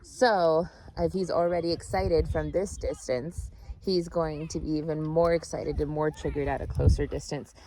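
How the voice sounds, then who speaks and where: A woman's voice: low voice, steady tone, normal speed, mellow, a little hiss or hum, low-quality recording. A young woman dog trainer, speaking outdoors on a walk, patiently explaining her steps and checking in with "right?".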